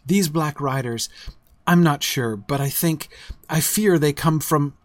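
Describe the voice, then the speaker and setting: A man's voice: fairly high pitch, a little slow, no room sound, close to an everyday voice. A man reading as a tired, worried hobbit. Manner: earnest, weary.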